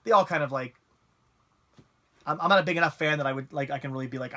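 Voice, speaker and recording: Man, bright tense voice, slightly high, casual livestream host, rambling movie chat. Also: very animated, normal speed, long pauses. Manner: rambling, enthusiastic movie talk. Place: living room couch.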